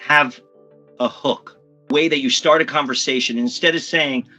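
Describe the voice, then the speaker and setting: A man who works as a communication coach, talking energetically and emphatically in a podcast interview and often slipping into quick impressions. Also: mid-range voice, steady tone, bright, forceful tone, faint music behind.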